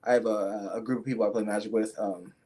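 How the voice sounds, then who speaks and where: A man's voice: lowish voice, fairly even intonation, fast, warm tone. A young man, a fighter being interviewed, telling a story casually with lots of fillers and restarts. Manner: rambling, many fillers and restarts.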